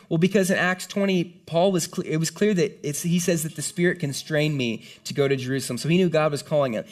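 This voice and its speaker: A man preaching a sermon to a congregation in an earnest, conversational way, often dropping in "like". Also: on the high side. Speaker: pastor.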